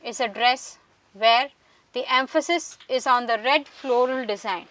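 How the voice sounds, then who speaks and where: A woman giving a measured, scripted lecture, explaining slides one by one. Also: fairly high pitch, a bit bright. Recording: voice distant from the mic.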